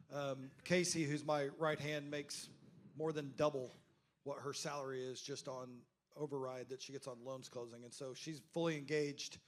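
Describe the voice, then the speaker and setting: Flat-voiced man, matter-of-fact. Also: mid-range voice. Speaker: guest business owner. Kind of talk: casual remarks at a workshop.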